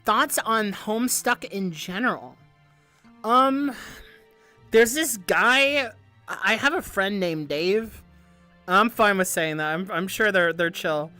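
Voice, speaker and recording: A woman hosting a casual livestream, answering viewer questions in a rambling, excitable way, swearing and laughing often. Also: mid-range voice, slow pace, faint music behind. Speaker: VTuber livestream host.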